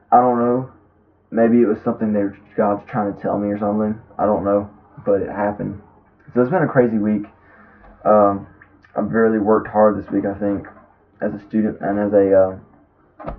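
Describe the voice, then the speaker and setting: A young man rambling casually through stories, with lots of fillers and restarts. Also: fairly low pitch. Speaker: vlogger. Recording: tinny lo-fi phone-like sound.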